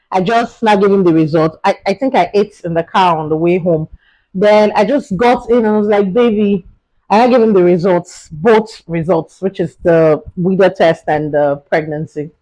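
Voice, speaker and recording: A woman with a Nigerian English accent, a vlogger and mother, telling a personal story to her viewers in a casual, dramatic, animated way. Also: fairly low pitch, moderate pace, poor audio. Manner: talks straight to her viewers.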